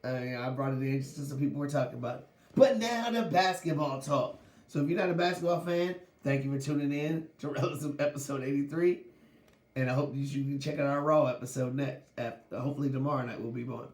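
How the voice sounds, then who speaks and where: A man's voice: medium pitch, brisk, a little mellow, roomy sound. A man hosting a sports podcast, talking casually with lots of slang and laughing as he goes. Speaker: podcast host.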